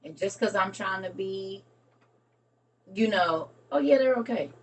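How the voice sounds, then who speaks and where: An excitable woman chats with her live stream audience and calls them y'all. Her voice sits at an ordinary middle pitch. It sounds a little distant from the mic. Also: measured pace. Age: adult with a young son. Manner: excitable, laughing, talks to viewers as y'all. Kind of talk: casual live stream chat.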